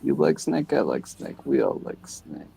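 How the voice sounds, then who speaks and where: A man's voice: mid-range voice, huge pitch swings, normal speed, creaky, mellow, slight background noise. A man hosting a casual chat while drawing, playful and goofy, with mock-offended banter. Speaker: host.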